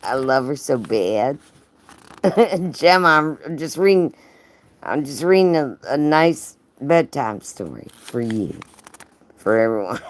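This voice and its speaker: A woman hosting a livestream, reading a racy story aloud and breaking off to tease her chat with profane jokes and frequent laughter. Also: sits low. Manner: profane, teasing, laughs often, talks to chat by name. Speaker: livestream host.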